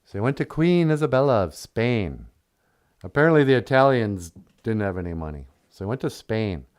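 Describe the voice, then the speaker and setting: A man's voice: lowish voice, sing-song, normal speed, a little mellow. A man telling a comedic story on a puppet podcast, full of rambling, jokey asides.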